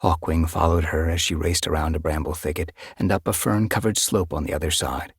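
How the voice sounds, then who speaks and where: A male audiobook narrator with a deep, husky voice delivers scripted narration as steady, measured storytelling. The recording is dry, with clean studio sound.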